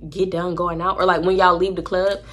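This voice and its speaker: A woman's voice: lowish voice, level tone, a little fast, a bit bright. A woman voicing a pushy young woman friend who keeps asking favors. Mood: insistent. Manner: insistent, wheedling.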